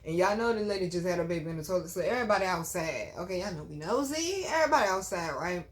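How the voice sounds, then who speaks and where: A woman's voice: on the low side, animated, quick pace. A woman hosting a vlog, telling a personal story in an emphatic, chatty way, with frequent asides to her viewers. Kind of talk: casual storytelling.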